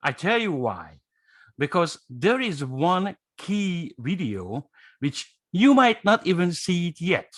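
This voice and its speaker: A man whose first language is Hungarian, giving an enthusiastic guest pitch on a webinar, stressing points and tagging them with "okay?". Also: very animated, slow, no echo. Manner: emphatic, repeats "okay?" and key phrases. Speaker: guest speaker.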